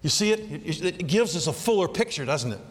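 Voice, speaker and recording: A man preaching a sermon in a conversational, animated way, often asking his listeners questions. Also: fairly high pitch, a little fast. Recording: long hall reverb.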